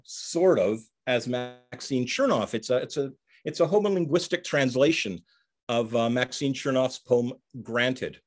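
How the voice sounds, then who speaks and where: A man reading his own poems at a livestreamed reading, with dry, wry asides between them. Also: medium pitch. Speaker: poet. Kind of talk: poetry reading. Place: livestream from home.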